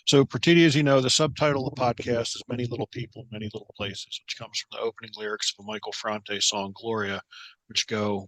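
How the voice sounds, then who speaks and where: A man hosting a podcast in a friendly way, his talk full of "you know" and "uh". His voice is fairly low and sounds dry and close, with faint music under it. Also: fairly even intonation, fast talker, fairly bright tone, dry recording, poor audio. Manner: friendly, filler-heavy. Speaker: podcast host. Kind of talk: podcast interview.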